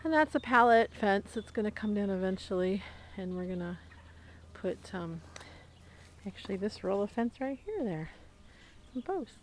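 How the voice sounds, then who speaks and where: A woman's voice: mid-range voice, very animated, moderate pace, a little hiss or hum. A woman giving a casual, rambling tour of her homestead outdoors, with plenty of fillers and small laughs, recorded on a handheld camera mic. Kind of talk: casual walk-through narration. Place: outdoors on a small farm, among barns and animals.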